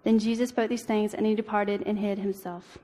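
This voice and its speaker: A woman's voice: medium pitch, little pitch movement, dark tone. Earnest young woman speaking in an echoing hall. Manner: earnest, halting, with frequent ums and restarts. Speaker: speaker giving a church devotional. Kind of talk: personal testimony talk. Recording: long reverb of a hall.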